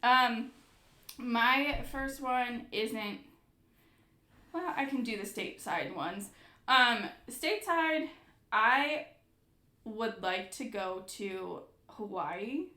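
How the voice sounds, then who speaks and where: An American woman co-hosting a casual chat, animated and giggly with lots of fillers. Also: fairly high pitch, extremely slow, roomy sound. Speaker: co-host.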